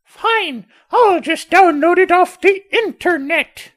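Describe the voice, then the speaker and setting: A man's voice: animated, slow, a bit bright, exaggerated voice. A man playing a whining teenage son. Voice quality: high whiny falsetto.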